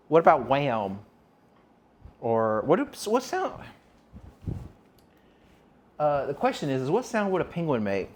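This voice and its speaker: A man streaming live from his kitchen, chatting with viewers and rambling as he cooks. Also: mid-range voice. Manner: chatty, asks viewers questions, rambles while working. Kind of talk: casual live-stream chat.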